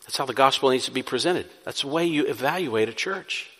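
A man's voice: medium pitch, lively intonation, a little fast, a bit bright. A man preaching a sermon as pastor, emphatic, asking questions and answering them himself. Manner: emphatic, asks and answers his own questions. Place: church sanctuary. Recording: reverberant hall.

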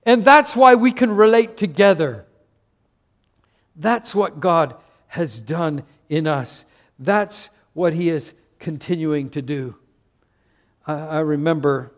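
An older male pastor from Canada delivers a sermon in a slightly high, unhurried voice. He preaches with earnest emphasis and often stumbles into quick restarts.

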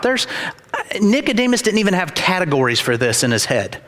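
A man's voice: high-pitched, big pitch swings, a little fast, a bit bright. A man preaching a sermon as pastor, emphatic and repetitive, with dramatized quotes. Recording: reverberant hall.

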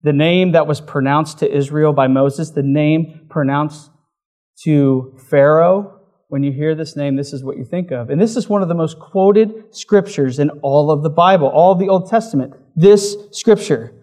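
A man preaching a sermon in a relaxed, conversational way, with frequent fillers like "like". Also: on the high side, normal speed. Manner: conversational, uses many fillers. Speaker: pastor.

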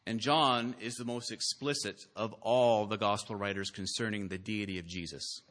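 A man preaching a sermon from a church pulpit, earnest and deliberate, building to emphatic, rising peaks and scattering the odd "uh". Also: lowish voice, steady tone, a bit bright. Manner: slow, deliberate delivery with filler "uh"s. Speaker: pastor.

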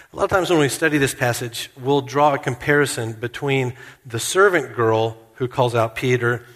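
A man preaching a sermon in a church, earnest and slowing down to stress key points. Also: mid-range voice, fairly bright tone, in a large hall. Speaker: pastor.

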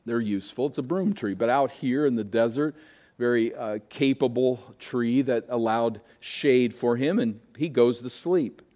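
A pastor preaching a sermon, moving from emphatic peaks down to quieter, hushed asides. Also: male voice, medium pitch, measured pace.

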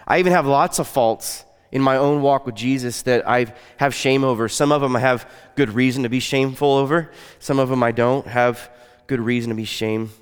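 A man delivers a sermon in an earnest, conversational way, often dropping to a soft, quiet tone. His voice is smooth and resonant, and it carries a long reverb from the hall around him. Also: mid-range voice, steady tone, normal speed. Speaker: pastor.

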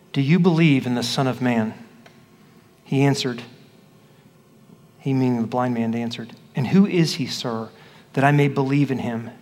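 A man, a pastor, reading scripture aloud and then teaching it line by line in a conversational way, asking his listeners questions. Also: mid-range voice. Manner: conversational, asks the congregation questions. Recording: echoey hall with long reverb.

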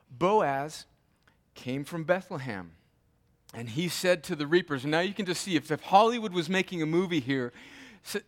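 A man preaching an expository Bible teaching in a conversational way, with asides and restarts. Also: a little high. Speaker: pastor.

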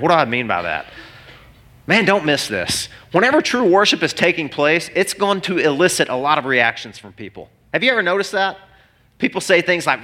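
Bright-voiced man preaching a sermon. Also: on the high side, a little fast. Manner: animated, conversational preaching with restarts. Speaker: pastor. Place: church hall before a congregation.

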